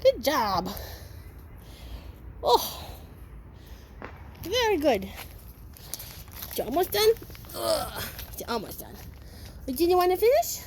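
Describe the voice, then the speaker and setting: High sing-song woman cooing at puppies. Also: huge pitch swings, slow, long pauses. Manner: sing-song baby talk with squeaky high swoops. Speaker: dog breeder. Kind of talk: casual vlog talk to puppies. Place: backyard outdoors. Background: faint outdoor noise with distant fireworks.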